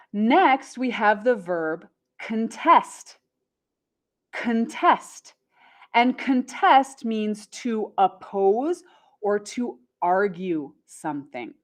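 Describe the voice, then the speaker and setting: A woman teaching an English lesson, repeating words slowly and stressing syllables clearly. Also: medium pitch. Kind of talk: slow, carefully enunciated English lesson.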